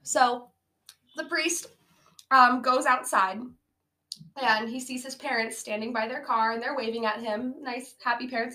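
A woman co-hosting a casual podcast, retelling a bad movie with frequent laughter and animated acted-out quotes. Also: normal speed. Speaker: podcast co-host. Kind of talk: casual movie-roast chat. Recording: low-quality amateur audio.

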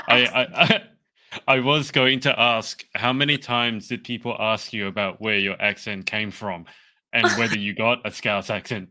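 Brief: male podcast host, bright forceful tone, animated, laughs a lot. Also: medium pitch. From Australia. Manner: animated, laughs often, repeats words. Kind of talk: casual interview chat.

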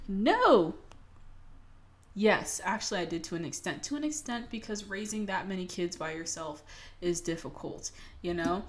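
A young adult woman ranting casually to her audience, swearing freely and self-mocking with dramatic flair. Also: mid-range voice. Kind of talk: casual rant to camera.

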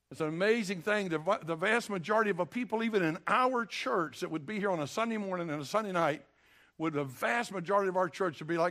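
High-pitched older preacher, folksy and emphatic. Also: male voice, fairly bright tone. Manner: folksy, emphatic preaching with repeated calls to the congregation. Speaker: pastor. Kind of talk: sermon. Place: church sanctuary.

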